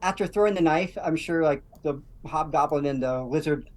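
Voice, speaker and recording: A woman's voice: low voice, normal speed, darkish tone. A woman speaking as a player in a tabletop game, chatty, with laughing asides. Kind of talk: casual tabletop play.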